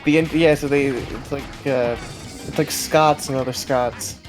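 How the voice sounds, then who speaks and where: A man's voice: medium pitch, steady tone, a little slow, music in the background. A man co-hosting a casual gaming stream, teasing playfully and laughing often.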